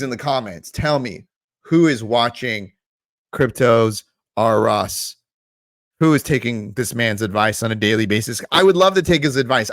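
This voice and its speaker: A man's voice: mid-range voice, no echo, studio quality. Profane, ranting male crypto vlogger. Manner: blunt, profane, mocking, animated rant. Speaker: crypto video host. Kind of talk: casual ranting commentary to camera.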